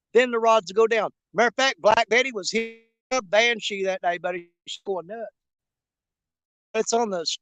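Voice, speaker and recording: Man, high voice, rambling folksy fishing vlog, dry outdoor sound. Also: fairly bright tone, no room sound, low-quality recording. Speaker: fishing channel host. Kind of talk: casual vlog talk while bank fishing. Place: outdoors on a riverbank.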